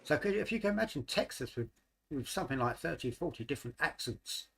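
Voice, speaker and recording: A middle-aged livestream host from London, with a London accent, talks fast and expressively in a fairly high, somewhat bright voice with vocal fry and slight roughness. His casual chat rambles, hesitant and packed with fillers.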